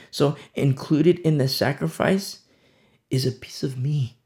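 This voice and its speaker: A man's voice: on the high side, a little slow, a little mellow. A man pastor giving a conversational sermon, stressing points through repetition.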